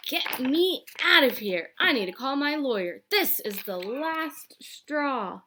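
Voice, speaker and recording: A woman voicing a wealthy older woman who is indignant and scolding, shouting her complaints in a children's storybook. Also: medium pitch, fairly even intonation, a little slow, a little hiss or hum, lightly acted. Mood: angry shouting. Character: indignant old rich woman, easily outraged.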